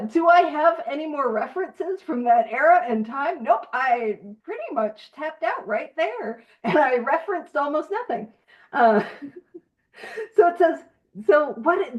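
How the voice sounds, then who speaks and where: A woman's voice: high voice, animated, a little slow, highs cut off. A woman leading a book study group, reading passages aloud and explaining them in a chatty, self-deprecating way, laughing often. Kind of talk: casual teaching and reading aloud.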